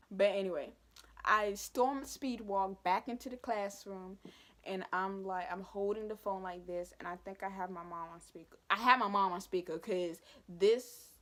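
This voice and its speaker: Young woman doing a storytime vlog, dramatic and animated, lots of side comments. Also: mid-range voice. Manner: animated, dramatic retelling with asides. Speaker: vlogger.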